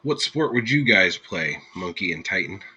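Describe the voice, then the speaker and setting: A man's voice: low voice, very animated, moderate pace, sharp tone, breathy edge, highs cut off. A man hosting a live stream, chatting casually with his viewers in an easygoing, rambling way and laughing freely. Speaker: streamer host.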